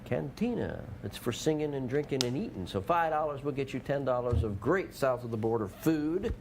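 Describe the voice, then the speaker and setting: A man's voice: mid-range voice, animated, normal speed, creaky, background noise. A man co-hosting a local TV deals show, chatting and teasing his co-host in a playful, easygoing way. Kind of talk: casual on-air banter. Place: local TV studio.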